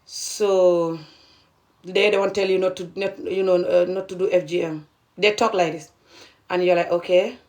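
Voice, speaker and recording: A woman's voice: lowish voice, flat delivery, a little slow, darkish tone. A young adult woman from Gambia giving heated, indignant social commentary to camera, pressing each point with a repeated "okay?". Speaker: video creator.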